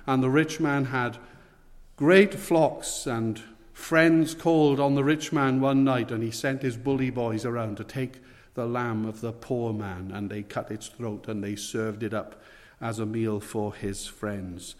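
A man preaching a sermon, earnest and emphatic, slowing down on the words he wants to stress. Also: mid-range voice, steady tone. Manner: earnest, emphatic, slows for weight. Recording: long hall reverb.

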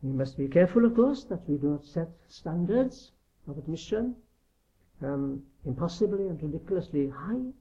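A man's voice: fairly high pitch, sing-song, normal speed, mellow. Earnest preacher man, lo-fi recording. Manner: earnest, emphatic, with rhetorical questions. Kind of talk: sermon. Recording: dull lo-fi recording.

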